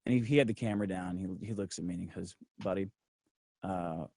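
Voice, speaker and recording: A middle-aged man telling a profane, brash story in casual livestream talk, acting out other people's lines in a lower voice. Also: rapid-fire, vocal fry, a little mellow, breathy edge, dry recording, studio quality. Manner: acts out others' lines in a low voice. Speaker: guest.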